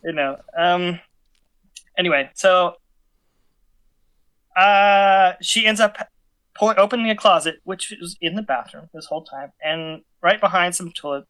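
A man's voice: sits high, unhurried, long pauses, fairly bright tone, clean tone. A man in casual chat, telling a story animatedly with many fillers and restarts.

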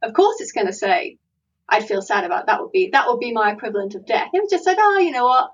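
A woman talking through ideas in a lively academic discussion, often laughing and acting out imagined replies. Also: mid-range voice, fast, slightly rough, far from the mic, highs cut off. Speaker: philosophy panelist.

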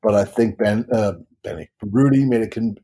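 A man's voice: on the low side, moderate pace, warm tone, breathy edge. A man in a casual podcast chat, thinking aloud hesitantly as he makes a pick.

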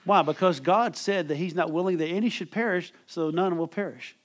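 A middle-aged pastor preaches a sermon in a high-pitched, brisk voice. He's emphatic and uses call-and-response, calling for amens from the congregation.

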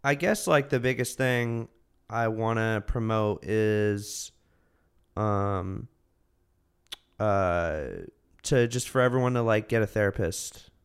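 A man's voice: fairly low pitch, slow, smooth. A man, a comedian guest, chatting casually on a podcast in a loose, joking way, laughing often.

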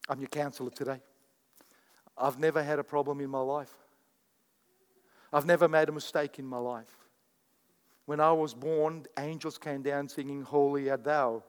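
A man's voice: on the high side, level tone, normal speed, pauses often, clear, resonant tone, pitched below the performer's own voice, lightly acted. A man voicing a smug male marriage counselor who boasts he has never made a mistake, in a reverberant church hall. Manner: boastful, self-satisfied.

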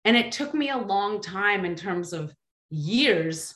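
A woman telling a personal story in a casual, animated way, with many fillers and restarts. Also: mid-range voice, slow pace, echoey room.

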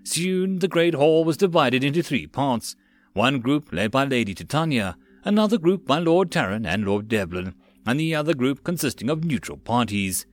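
A man narrating an audiobook of a web novel in an expressive storytelling manner. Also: medium pitch, moderate pace, no echo. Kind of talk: scripted narration.

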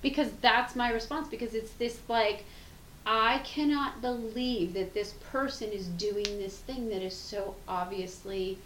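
A woman's voice: a little high, steady tone, measured pace, a bit bright. A woman co-hosting a podcast in casual chat, frank and reflective, laughing easily and swearing casually. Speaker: podcast co-host. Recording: roomy sound with faint background hum.

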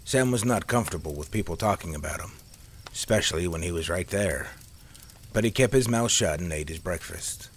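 Brief: low-pitched man, measured audiobook storytelling, faint hiss. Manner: steady, measured reading. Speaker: narrator.

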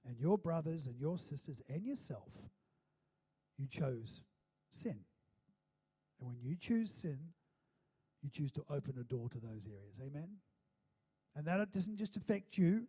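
Dark-toned man preaching to his congregation. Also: fairly high pitch, breathy edge. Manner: conversational preaching, frequent calls of "amen?", fillers and restarts. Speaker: pastor. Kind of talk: sermon with congregational prayer. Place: church hall with congregation.

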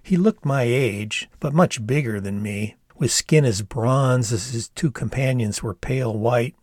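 An older man reading his own memoir aloud in a measured storytelling manner. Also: medium pitch, a little mellow, dry recording, clean studio sound. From Ann Arbor, Michigan, USA. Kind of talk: audiobook narration.

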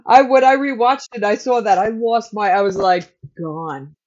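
A woman's voice: fairly high pitch, moderate pace, darkish tone. A woman co-hosting a podcast, chatting casually and joking as she recaps an episode. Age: adult. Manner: chatty and joking, laughs often. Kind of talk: casual chat. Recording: dull lo-fi recording.

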